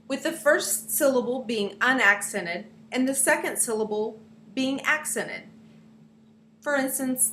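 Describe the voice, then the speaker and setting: A young woman teaches a lesson playfully, narrating it and talking directly to her students. Her voice is fairly high and a bit bright. The room is echoey, with faint hiss.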